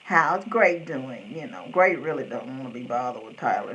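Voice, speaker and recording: A woman's voice: sits low, sing-song, moderate pace, few pauses, muffled recording, a little hiss or hum. A middle-aged woman, hosting a rambling live-stream chat and greeting viewers by name. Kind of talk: casual chat.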